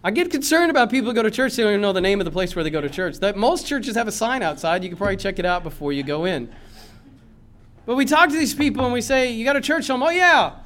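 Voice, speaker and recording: High-pitched impassioned preaching man. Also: big pitch swings, quick pace. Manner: impassioned preaching with swings from loud to low. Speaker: pastor. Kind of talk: sermon. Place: church.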